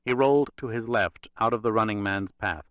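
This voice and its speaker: Male audiobook narrator, low voice, steady measured thriller reading, dry dull sound. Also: clean tone, no room sound. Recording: dry, slightly dull recording.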